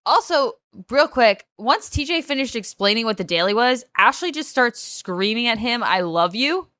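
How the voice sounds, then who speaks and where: A woman's voice: fairly high pitch, animated, moderate pace, fairly bright tone, dry recording, studio quality. A woman co-hosting a podcast, recapping a reality show in casual chat with sarcastic, exasperated ranting. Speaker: podcast co-host.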